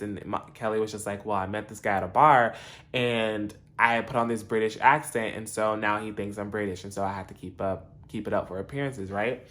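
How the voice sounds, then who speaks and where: Lively young man recapping a TV episode. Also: fairly low pitch. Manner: animated, laughing, acts out characters' lines. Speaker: TV episode reviewer. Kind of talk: casual recap commentary.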